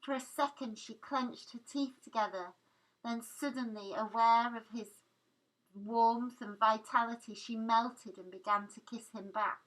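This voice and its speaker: Slow, measured woman reader. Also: on the high side, fairly even intonation, fairly bright tone, poor audio. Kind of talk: reading a novel aloud.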